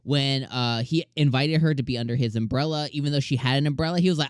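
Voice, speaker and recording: A man's voice: mid-range voice, fast talker, hardly any pauses, smooth, no room sound, clean studio sound. A young man hosting an anime review show, talking casually and animatedly with lots of slang and filler words.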